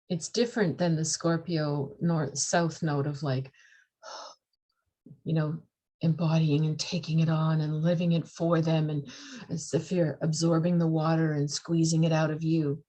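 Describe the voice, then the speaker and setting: A woman's voice: low voice, little pitch movement, measured pace, mellow. A woman explaining astrology in a casual talk, acting out the voices of the signs and laughing at herself.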